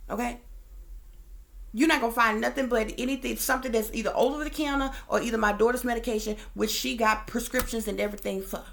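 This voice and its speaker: A woman's voice: a little high, steady tone, quick pace, gravelly, a little hiss or hum. A woman host telling a story to her viewers in a casual, heated rant, profane and emphatic. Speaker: psychic reader and channel host.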